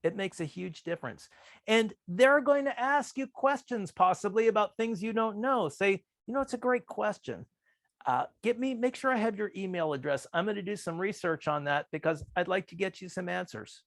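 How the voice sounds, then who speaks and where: A man presents a workshop in a calm, measured voice that sits fairly high for a man. He slips into quoted lines with shifts in pitch. The recording is dry and close, with no room sound. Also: vocal fry, no echo. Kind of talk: presentation on persuasive communication.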